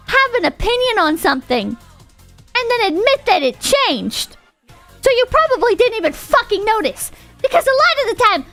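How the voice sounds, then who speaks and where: High, bright-voiced ranting woman streamer. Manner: rambling, profane, ranting. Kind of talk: casual livestream chat.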